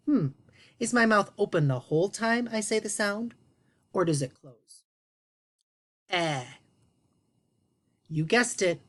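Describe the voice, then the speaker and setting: A woman giving a children's phonics lesson on video, in an animated sing-song teacher voice that stretches out the sounds. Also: mid-range voice. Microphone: video lesson to camera.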